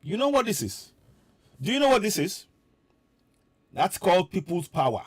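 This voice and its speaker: A man's voice: sits high, sing-song, moderate pace, pauses often, breathy edge, no echo. A man giving a fervent live-streamed address to viewers abroad, repeating his points with preaching emphasis. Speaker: political commentator addressing diaspora viewers.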